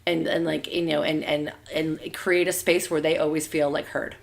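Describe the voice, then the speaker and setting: A woman's voice: low-pitched, level tone, moderate pace, creaky. A woman in her thirties co-hosting a podcast, chatting casually with lots of fillers and laughing as she tells family stories. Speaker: podcast co-host. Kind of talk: casual chat.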